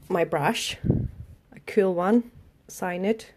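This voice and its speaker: A woman's voice: medium pitch, slow, noisy background. A woman nail artist chatting on a live tutorial stream, narrating as she tidies her desk, with non-native phrasing. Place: home work desk.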